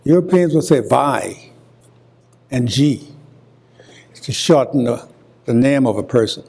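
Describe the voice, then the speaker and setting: An older man from Hilton Head Island with a Gullah accent, giving a university lecture deliberately and repeating example words as he explains. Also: medium pitch, expressive, creaky, darkish tone, slightly rough. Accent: Gullah, coastal South Carolina. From Hilton Head Island, South Carolina. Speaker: guest lecturer.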